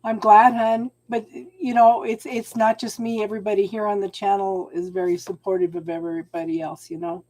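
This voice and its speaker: A woman's voice: medium pitch, level tone, moderate pace, few pauses. Motherly woman calling everyone hon. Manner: warm, encouraging, calls viewers hon. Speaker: tarot reader and channel host. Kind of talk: live-stream tarot reading and advice.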